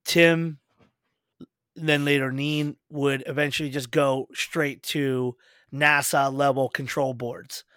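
Profane, animated man telling stories. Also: mid-range voice, slow pace, clear, resonant tone, dry recording, studio quality. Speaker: host. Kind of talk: casual podcast chat.

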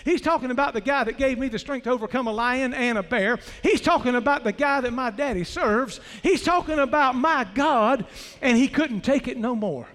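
A man preaching an animated, folksy sermon, telling the story with loud outbursts. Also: very high-pitched, normal speed. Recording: reverberant hall.

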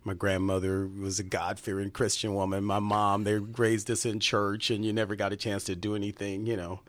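A man's voice: lowish voice, normal speed, dry recording. A middle-aged man, a former police officer, telling folksy stories in a casual chat. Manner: folksy, animated storyteller, acts out voices in quotes. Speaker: retired police officer guest.

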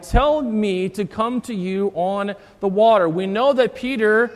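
A man preaching a sermon as pastor, walking through scripture verse by verse and repeating key phrases. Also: sits high. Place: church. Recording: long church reverb.

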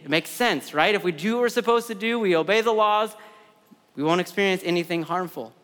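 A man's voice: sits high, fairly quick, a bit bright, clean tone, long reverb tail. A man in his thirties preaching a sermon in a conversational way, repeating words and adding side stories. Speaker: pastor.

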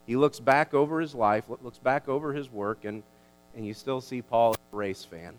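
A male pastor delivering a sermon in an emphatic, animated way, stumbling and restarting as he builds his points. His voice sits at an ordinary middle pitch. A long reverb trails behind him, as in a church sanctuary. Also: moderate pace.

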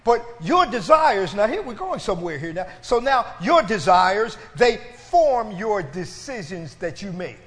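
Man, very high voice, sermon, emphatic drawn-out phrases, long church reverb. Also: big pitch swings, fairly bright tone. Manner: emphatic, drawn-out phrases, calls for congregation response. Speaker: preacher.

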